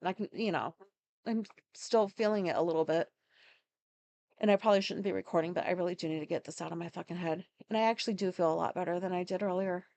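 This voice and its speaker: A woman's voice: on the low side, fast, darkish tone, no room sound. A woman hosting a podcast, talking through her day in a rambling, casual monologue full of fillers and swearing. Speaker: podcast host.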